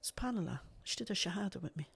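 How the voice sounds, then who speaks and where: A woman's voice: mid-range voice, expressive, fast, gravelly, breathy edge. Earnest woman telling her story. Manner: earnest, repeats phrases for emphasis. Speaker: guest. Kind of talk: emotional personal storytelling.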